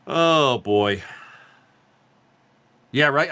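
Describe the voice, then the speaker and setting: A man's voice: mid-range voice, lively intonation, brisk, fairly bright tone. A middle-aged man from Massachusetts chatting casually on a live stream as a card seller, telling rambling, profane stories and laughing often.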